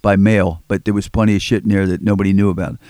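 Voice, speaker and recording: A man's voice: deep voice, fairly even intonation, fast, mellow, dry recording. An older man, telling rambling stories as an interview guest and acting out quotes. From Philadelphia. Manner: rambling, repeats words, acts out quotes. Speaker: record collector guest. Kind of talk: storytelling in an interview. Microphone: studio microphone.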